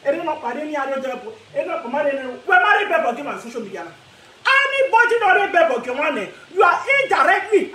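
A Nigerian woman vlogger ranting to camera in a casual, animated way, laughing often and mixing pidgin with her local language. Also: high voice, reverberant. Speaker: social media vlogger.

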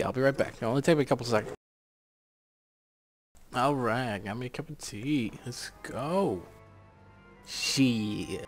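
A man's voice: medium pitch, a little slow, pauses often, soft background music. A man giving rambling, sarcastic casual commentary on a strategy game, swearing offhandedly. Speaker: gameplay commentator.

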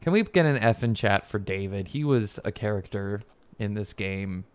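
A man's voice: fairly low pitch, moderate pace, clean tone. A man with a Texas accent doing casual, joking commentary while he livestreams a video game. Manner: joking, excitable, swears when frustrated. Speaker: streamer.

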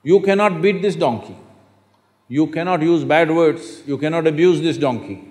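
A man's voice: a little high, moderate pace, a little mellow, natural voice. A man voicing a shrewd male donkey seller in a told story, matter-of-fact and insistent. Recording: echoey hall.

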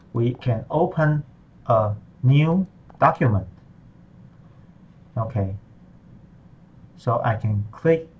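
In a patient, step-by-step screen-recorded Mandarin tutorial, a man explains the screen in simple English that isn't his native tongue. His medium-pitched voice is husky, and the recording sounds muffled.

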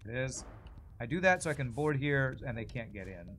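A man in a casual live-stream commentary, talking through his moves and chatting with viewers in a middle-pitched voice. His tone is relaxed and conversational. Faint game music plays behind him. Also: a little fast. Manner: chatty, thinks aloud and answers viewer messages.

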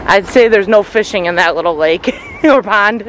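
A man's voice: high voice, normal speed, noisy background. A man hosting a casual vlog outdoors on a nature trail, easygoing and chuckling often between fillers. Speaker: vlogger.

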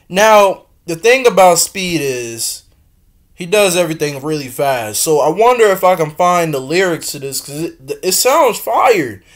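Animated young man reacting casually. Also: on the high side, unhurried. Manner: animated, slangy, breaks into loud exclaims and laughs. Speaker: reaction video host. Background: faint music from the video being watched.

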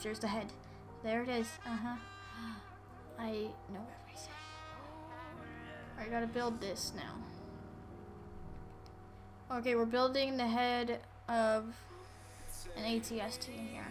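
A woman giving casual let's-play commentary, excitable and playful, yelling at enemies on screen. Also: fairly high pitch. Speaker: gameplay commentator.

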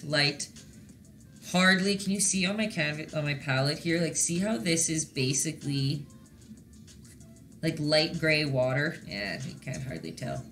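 Bright-voiced chatty woman teaching painting. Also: on the low side. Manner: chatty and encouraging, often checks in with the viewers. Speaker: painting instructor. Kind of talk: casual live-stream painting lesson.

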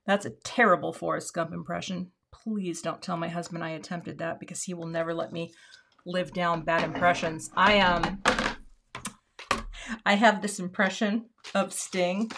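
A woman's voice: lowish voice, fairly even intonation, a little slow, gravelly, background noise. A woman hosting a card-making livestream in casual chat, thinking aloud and dropping to murmurs while she works.

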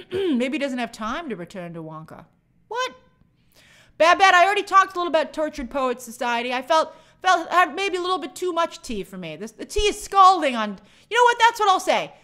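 Bright, high-voiced woman host chatting. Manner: chatty, reads comments aloud and answers with quick opinions. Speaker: movie channel host answering viewer questions. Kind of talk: casual live-stream chat.

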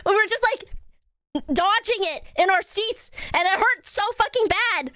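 A young woman streamer telling stories to her chat in an animated, swearing, laughing way. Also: very high-pitched, measured pace, no room sound, studio quality. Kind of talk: casual stream chat to viewers.

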